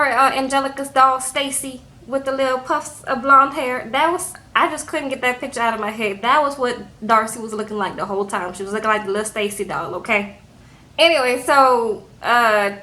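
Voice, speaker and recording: A woman's voice: a little high, a little fast. A woman, recapping a reality show in casual talk and acting out the people's lines with sass, tagging "okay?" onto her sentences. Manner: animated, sassy, frequent "okay?" tags.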